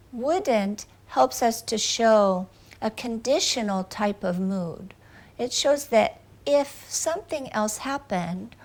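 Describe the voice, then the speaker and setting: Slow, careful woman teaching English. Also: on the high side. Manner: slow, careful explanation with clear example sentences. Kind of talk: video lesson.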